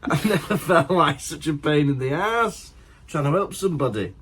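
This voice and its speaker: Lively man telling a story. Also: fairly high pitch, moderate pace, a little hiss or hum. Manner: animated anecdote-telling, laughs through his story. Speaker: podcast co-host. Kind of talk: casual storytelling chat.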